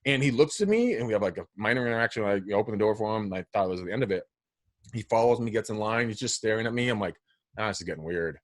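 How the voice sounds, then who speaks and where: A man hosting a podcast in casual chat, joking and brisk. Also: lowish voice, expressive, dry recording. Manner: brisk, joking, hype-driven. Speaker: podcast host.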